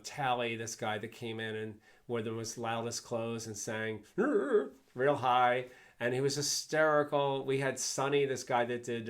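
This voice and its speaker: An older man, a guest speaker, telling fond, rambling anecdotes and chuckling along the way. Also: medium pitch. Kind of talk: anecdotal storytelling.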